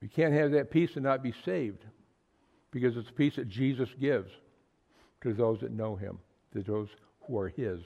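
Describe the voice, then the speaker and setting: A man's voice: mid-range voice, normal speed, creaky, dull audio. A man preaching a sermon to a small fellowship, earnest and emphatic, often repeating words for stress. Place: small fellowship meeting room.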